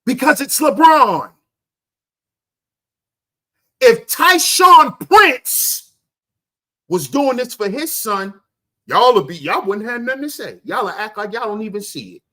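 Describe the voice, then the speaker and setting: A man hosting a livestream, ranting loudly and crudely at his chat, firing off rhetorical questions and answering them himself. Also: high voice, very animated, normal speed. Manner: loud, confrontational, profane, often shouting. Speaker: livestream host. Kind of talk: ranting commentary to live chat.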